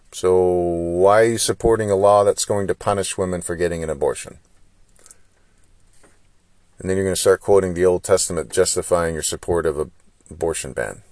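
A man with a very low voice, hosting his own podcast as a solo monologue. He lectures with frustration and fires off rhetorical questions. The sound is close and dry, with no room behind it. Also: a little mellow, dry recording. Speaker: podcast host.

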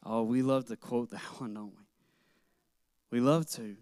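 A man's voice: medium pitch, steady tone, measured pace, a little mellow, no room sound, studio quality. A middle-aged man, a pastor, preaching a sermon in an earnest, personal way, telling childhood stories with light laughter.

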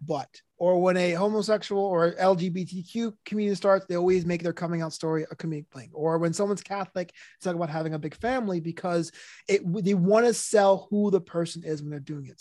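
High-voiced man chatting on a podcast. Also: dry recording, studio quality. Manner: animated, laughs often, slips into put-on voices for jokes. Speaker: podcast co-host and comedian. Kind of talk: casual podcast chat.

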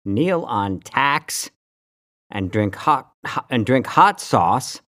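A man's voice: mid-range voice, lively intonation, slow, bright, forceful tone. A man co-hosting a casual podcast who rants sarcastically and swears freely. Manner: profane, sarcastic ranting. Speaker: podcast co-host. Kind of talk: casual chat.

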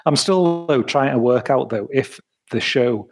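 A man's voice: mid-range voice, unhurried. A man co-hosting a podcast in casual chat, meandering and sweary, with lots of fillers. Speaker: podcast co-host.

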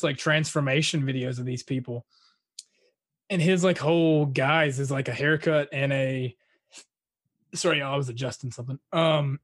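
A man's voice: fairly high pitch, no echo, studio quality. A young man hosting a podcast, rambling casually and filling his talk with "like" and "dude". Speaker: podcast host.

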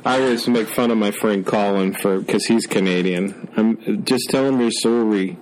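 A man's voice: on the low side, moderate pace, a little mellow, a little hiss or hum, low-quality recording. A man co-hosting a podcast in casual chat, dropping dry jokes. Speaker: podcast co-host.

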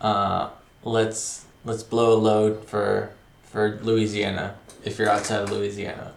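Slow gravelly man in echoey room. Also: on the low side, completely flat delivery, slight background noise. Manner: slow, halting. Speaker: podcast co-host. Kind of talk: casual podcast chat.

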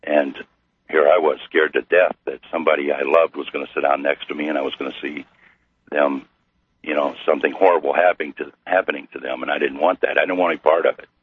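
A middle-aged man from Missouri, a guest telling his story slowly with many pauses and fillers. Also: very deep voice, level tone, breathy edge. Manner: slow, halting with many fillers. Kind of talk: storytelling interview. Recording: tinny phone-like radio line.

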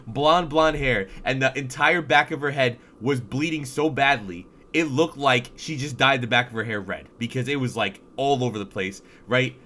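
A man co-hosting a podcast, chatting casually and excitably about wrestling, swearing now and then. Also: mid-range voice, normal speed. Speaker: podcast co-host.

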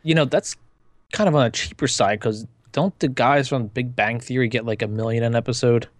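A man co-hosting a podcast in casual chat, blunt and joking, with quick opinions. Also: medium pitch, no echo. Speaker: podcast co-host.

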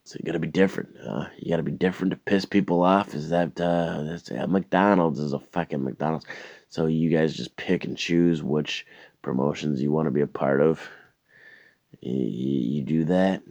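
A man's voice: rumbling low, fairly even intonation, moderate pace, a little mellow, dry recording. A man telling a profane, exasperated story and mimicking the people in it. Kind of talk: profane ranting anecdote. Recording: dry, slightly dull recording.

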